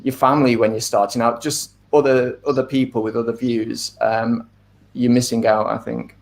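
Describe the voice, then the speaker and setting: A middle-aged man, an author being interviewed, talking in a thoughtful, measured way with frequent ums and asides. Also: medium pitch, level tone, gravelly. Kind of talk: casual interview talk.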